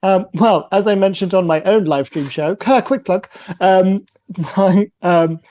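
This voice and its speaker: Hesitant male comedian, mellow dark voice, muffled lo-fi mic, dead dry sound. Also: high voice, unhurried, no room sound. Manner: hesitant, full of ums. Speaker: comedian panel guest. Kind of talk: casual comedy panel chat.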